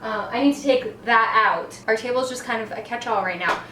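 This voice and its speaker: A woman chatting casually to her vlog camera in her home kitchen, rambling and often trailing off soft and quiet. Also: fairly high pitch, fairly quick, slight background noise. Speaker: cleaning vlogger. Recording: echoey kitchen, mic at a distance.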